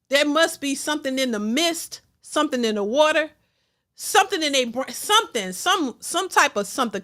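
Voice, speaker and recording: A woman's voice: high voice, sharp tone. A woman hosting a reaction channel, ranting bluntly and emphatically, repeating her points. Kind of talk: ranting commentary.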